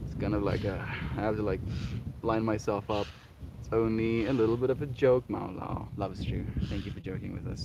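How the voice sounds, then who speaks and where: A man's voice: fairly low pitch, background noise. A South African man streaming live, telling a heartfelt personal story and chatting earnestly with viewers as he reads their comments. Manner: earnest, heartfelt, often asks "right?". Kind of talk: casual livestream chat reading viewer comments.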